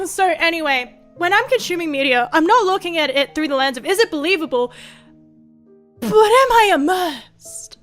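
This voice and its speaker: A woman VTuber chatting casually on stream, rambling and animated, full of fillers and restarts. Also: very high-pitched, a little slow, pauses often, soft background music.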